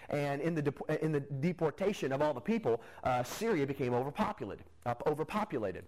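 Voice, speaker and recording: A man's voice: fairly high pitch, big pitch swings, brisk, darkish tone, rough recording. A man preaching a sermon in a conversational way, telling a Bible story and rising with emphasis at key points. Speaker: pastor.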